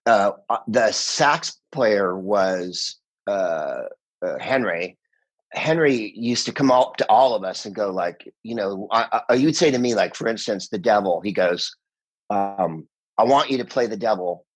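A husky, fairly low-voiced man in his sixties, telling show-business stories in an easy, animated way. He chats casually as a podcast guest. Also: unhurried. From United States. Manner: animated storyteller, slips into impressions. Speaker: guest voice actor.

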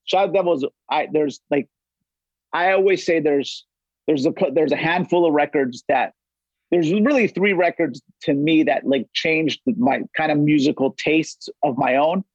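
Man, middle-aged, from Los Angeles, casual guest chat, rambling with restarts, somewhat high voice, muffled dry recording. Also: normal speed, darkish tone, no echo. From Los Angeles area. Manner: rambling, many restarts and swearing. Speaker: podcast guest.

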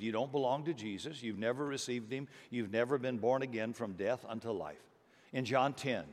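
A middle-aged man preaching a sermon as pastor, earnest and rising to emphatic bursts. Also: medium pitch. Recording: long hall reverb.

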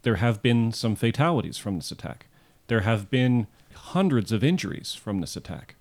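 A man co-hosting a history podcast, telling the story in a measured way and reading out quotes and details. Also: fairly low pitch, expressive. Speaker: podcast co-host.

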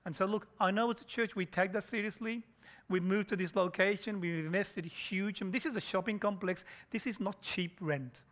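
A male pastor preaching an urgent sermon, swinging between loud emphasis and near whispers. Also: sits high, brisk. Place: church in a shopping complex.

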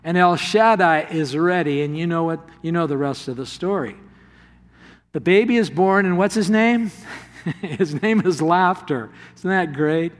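A man preaching a sermon as pastor, animated and laughing often as he retells the story. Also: fairly high pitch, normal speed. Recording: long hall reverb.

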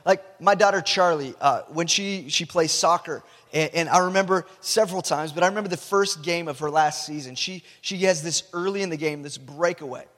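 A man's voice: on the high side, a little fast, few pauses, fairly bright tone. A male pastor preaching a sermon in a loose, conversational way, often restarting his words. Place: church hall. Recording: long hall reverb.

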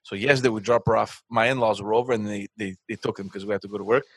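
A man's voice: lowish voice, fairly even intonation, racing, a bit bright, breathy edge, dry recording. A man co-hosting a casual podcast chat about parenting, telling family stories and laughing often. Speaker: podcast co-host.

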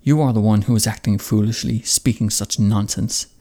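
A man's voice: lowish voice, steady tone, normal speed, warm tone. A man reading the lines of a blunt, defiant young warrior son, cold and direct.

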